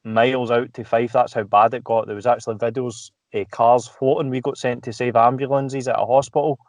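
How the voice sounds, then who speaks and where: A man's voice: medium pitch, level tone, fairly quick, dry recording. A Scottish man chatting casually as a podcast guest, swearing freely and laughing as he tells stories. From Scotland. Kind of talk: casual chat.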